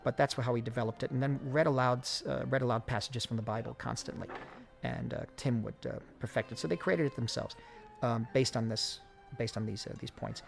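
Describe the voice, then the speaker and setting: A man, a film director, speaking in a reflective audio commentary, with frequent pauses, fillers and restarts. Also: mid-range voice, gravelly, faint music behind.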